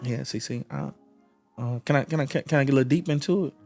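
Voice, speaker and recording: A man's voice: medium pitch, fast talker, gravelly, music in the background. A man hosting a live stream, giving relationship advice in a preachy way, repeating phrases and restarting often. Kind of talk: motivational live-stream talk.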